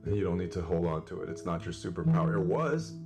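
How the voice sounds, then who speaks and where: Young male comic, slightly low voice, earnest rambling painter-guru monologue. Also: animated, fast talker, music in the background. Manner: earnest self-help delivery, rambling with restarts. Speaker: comedic painter. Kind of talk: mock painting tutorial monologue.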